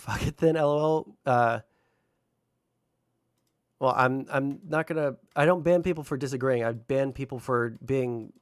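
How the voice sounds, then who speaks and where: A man's voice: mid-range voice, no echo, studio quality. A man livestreaming and chatting casually with his viewers, rambling with lots of fillers and swearing freely. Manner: talks to chat, unfiltered.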